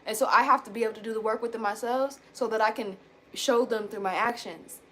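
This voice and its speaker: A woman in her thirties venting candidly to her viewers, blunt and animated, swearing casually and calling them y'all. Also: fairly high pitch, fast, slight background noise. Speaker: self-help vlogger.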